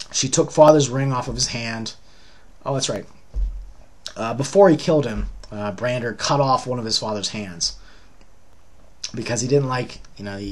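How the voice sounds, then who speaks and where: A man giving a rambling, casual recap of a tabletop role-playing session, full of fillers. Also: medium pitch.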